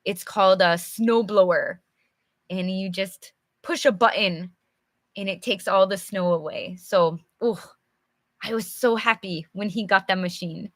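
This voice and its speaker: A woman's voice: mid-range voice, unhurried, no echo, clean studio sound. A young woman teaching English, reading a storybook aloud and chatting with viewers, laughing often. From English-speaking country. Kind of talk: live English reading lesson with chat.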